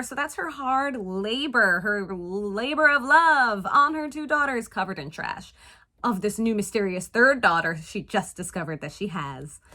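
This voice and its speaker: Woman doing a sassy movie recap, super expressive, bouncy pitch. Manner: sassy, animated, exclaims in disbelief. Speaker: film reviewer. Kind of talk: casual film recap and review.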